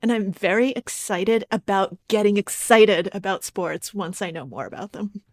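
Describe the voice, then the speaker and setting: A woman's voice: medium pitch, normal speed, dry recording. Playful woman in dry close-miked podcast chat. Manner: playful, self-deprecating, laughs often. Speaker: podcast co-host. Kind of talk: casual podcast banter.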